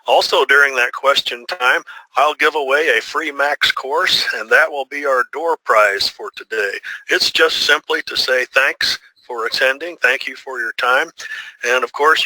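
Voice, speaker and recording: A man hosting a webinar, reading smooth, polite announcements and introducing the speaker. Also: mid-range voice, sharp tone, rough recording. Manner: smooth, polite, well-rehearsed. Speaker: webinar host. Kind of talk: scripted announcement.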